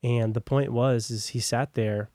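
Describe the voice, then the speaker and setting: A man's voice: medium pitch, fairly even intonation, a little slow, warm tone, no room sound, studio quality. Young man rambling through a casual testimony. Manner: casual, rambling, heavy on "like" and "long story short". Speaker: podcast guest. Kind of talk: personal testimony storytelling.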